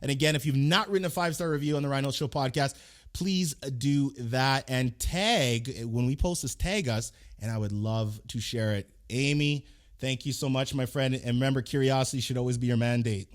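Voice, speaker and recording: A man hosting a podcast interview, talking in an energetic, emphatic way and often repeating himself. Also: mid-range voice, moderate pace. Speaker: podcast host.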